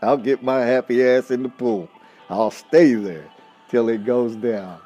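A man's voice: mid-range voice, measured pace, warm tone, soft background music. A man hosting a podcast, telling stories in a blunt, folksy, casual monologue and laughing often. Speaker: podcast host.

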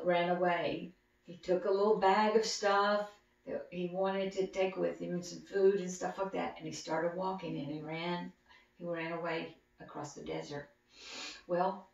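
Gravelly woman telling kids a Bible story. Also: mid-range voice. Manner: simple, animated storytelling. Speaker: children's teacher. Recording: echoey room, distant dull mic.

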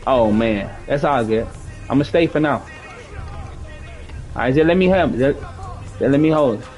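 A young man with a medium-pitched, slightly mellow voice streams a basketball video game at a normal speed, with soft music and some chatter behind him. In casual, slangy, profane live chat, he coaches and scolds his teammates.

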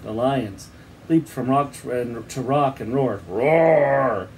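A teacher reads a children's book aloud expressively, acting out the sound effects, then gives his class an assignment. His mid-range voice has fairly even intonation and an unhurried pace, over a noisy background.

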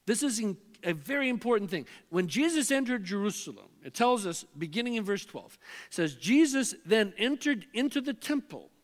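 High-voiced man preaching in a reverberant church. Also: big pitch swings, moderate pace. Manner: impassioned preaching, swinging from loud calls to hushed near-whispers. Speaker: pastor. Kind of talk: sermon. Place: church sanctuary. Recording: long hall reverb in a church sanctuary.

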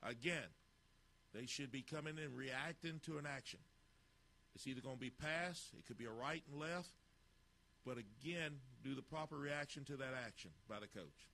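A man's voice: medium pitch, normal speed, gravelly, sharp tone, a little hiss or hum. A man coaching football, narrating drill footage with blunt, clipped instructions and critiques.

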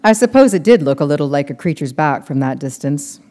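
A woman's voice: low voice, animated, brisk, dark tone. A woman reading aloud, voicing an earnest young man who explains things patiently. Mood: falsely cheerful.

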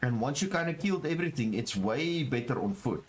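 A man streaming a game live, talking to his chat and exclaiming over what he finds, with low murmurs that jump to excited shouts. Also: a little fast. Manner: excitable, repeats phrases, talks to chat. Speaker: gaming streamer. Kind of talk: live gameplay commentary.

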